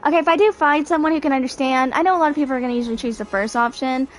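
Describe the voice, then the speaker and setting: A woman's voice: high-pitched, rapid-fire. A woman playing a video game and chatting casually, thinking aloud with lots of fillers. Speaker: game streamer. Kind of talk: casual gameplay commentary.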